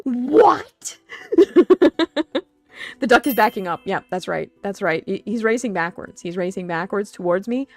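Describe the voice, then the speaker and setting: A woman streaming live in casual chat, giggly and excitable, laughing often as she talks to her viewers. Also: mid-range voice, measured pace, soft background music.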